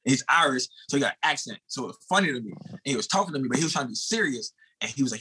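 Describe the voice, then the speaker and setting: Barely pausing, a U.S. man in his thirties who used to sprint tells a race story very fast in a husky, mid-range voice. His talk is animated and casual, with swearing and calls of "bro" to the host.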